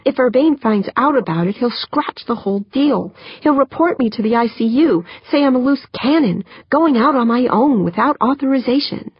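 A woman's voice: fairly high pitch, animated, normal speed, hardly any pauses, slightly rough, no room sound, pitched above the performer's own voice. A woman voicing a determined young female scientist, speaking earnestly and urgently. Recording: dull lo-fi dry.

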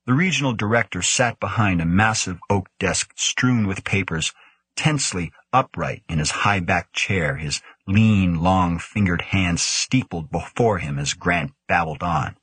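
A male audiobook narrator with a deep, slightly husky voice. He tells the story at a measured, even pace. The recording is dry and close, with no room sound. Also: no room sound. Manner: measured storytelling, voicing characters. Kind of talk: scripted narration.

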